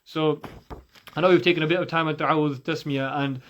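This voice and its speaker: A man's voice: on the high side, fairly even intonation, a little fast, fairly bright tone. A man teaching Quran recitation rules in a patient way, demonstrating and repeating sounds for the listener. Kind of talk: recorded recitation lesson.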